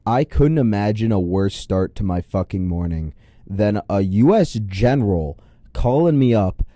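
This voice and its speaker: A man's voice: on the low side, animated, measured pace, mellow, no room sound, clean studio sound, soft background music. A young man hosting a reaction commentary video, sarcastic, profane and incredulous.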